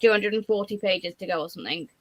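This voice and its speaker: A woman's voice: medium pitch, fast, no echo, highs cut off. A woman chatting casually on a livestream, with trailing, hesitant phrasing and bursts of exasperation. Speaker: livestream guest. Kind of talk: casual chat.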